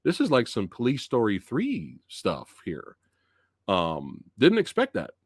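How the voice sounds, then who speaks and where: A man's voice: mid-range voice, wildly swooping pitch, a little slow, husky, no room sound, clean studio sound. A man hosting a live movie review stream, chatting loosely and laughing often as he talks. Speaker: movie review channel host.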